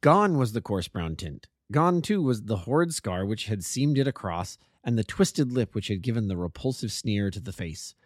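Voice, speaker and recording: A low-voiced man reads a classic detective story aloud as an amateur narrator. His delivery is measured yet lively in pitch, recorded close and dry with no room sound. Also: no echo.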